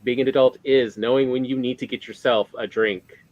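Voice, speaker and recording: A man with a middle-pitched voice talks through a casual podcast chat. He rambles and restarts his thoughts, leaning on fillers as he goes. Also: steady tone, moderate pace, a little mellow, dry recording, muffled recording. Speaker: podcast host.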